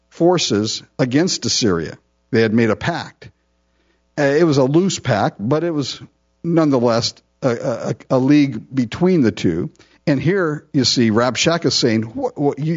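A man's voice: medium pitch, unhurried. Man preaching a verse-by-verse sermon. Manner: conversational, explains verses in plain asides. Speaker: pastor. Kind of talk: expository sermon. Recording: dull lo-fi recording.

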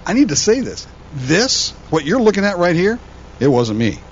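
A man who is a pastor, preaching a sermon in an animated, conversational way, often repeating words as he goes. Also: high-pitched, normal speed, lo-fi sound, a little hiss or hum.

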